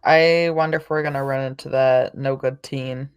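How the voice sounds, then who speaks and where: Tabletop player, mid pitch, musing, casual chat. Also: fairly even intonation, moderate pace, smooth, muffled recording.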